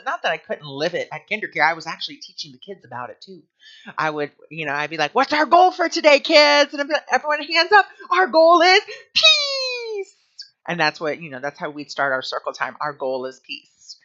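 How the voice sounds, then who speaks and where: A man's voice: high voice, sharp tone. A man telling a personal story while teaching a spiritual lesson, chatty and full of "you know" fillers. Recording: dull lo-fi recording.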